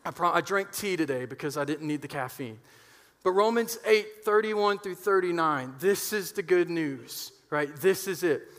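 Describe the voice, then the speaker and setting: A man's voice: fairly high pitch, lively intonation, normal speed, a bit bright, long reverb tail. A man preaching a sermon to his church, emphatic and getting fired up, often checking in with "right?". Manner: gets fired up.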